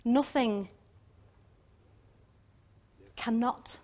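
A woman giving an informal devotional talk on scripture, chatty and quick to laugh, often ending points with little questions. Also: fairly high pitch, darkish tone. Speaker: Bible teacher.

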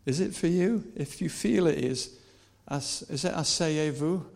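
A male preacher giving a lively, animated sermon, swinging between soft, personal asides and repeated, shouted rallying cries. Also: on the high side, measured pace, gravelly. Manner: animated, shouting and laughing with the crowd.

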